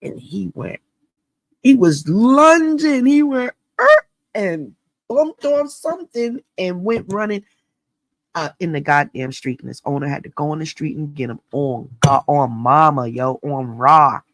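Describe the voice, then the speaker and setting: A middle-aged woman from New York State, hosting an astrology channel and telling a story in a casual, animated, profane and slangy way. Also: low voice, unhurried, no room sound.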